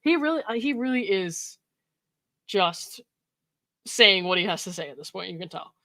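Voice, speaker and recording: A woman's voice: medium pitch, animated, moderate pace, bright, forceful tone, dry recording. Woman, commentary host, reads texts aloud, laughs a lot, incredulous asides, dry close sound. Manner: laughs often, reads quoted texts with mock emphasis, frequent likes and ums.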